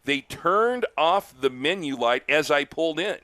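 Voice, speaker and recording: An older man doing live baseball play-by-play, chatty and telling stories between pitches, lifting his voice on big plays. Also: expressive, unhurried, a bit bright, dry recording. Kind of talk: live baseball commentary with chat.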